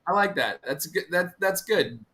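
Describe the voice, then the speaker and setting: A man guest on a fishing stream, telling stories in an animated, swearing way. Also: sits high, moderate pace. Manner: animated, swearing anecdote teller. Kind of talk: casual storytelling chat.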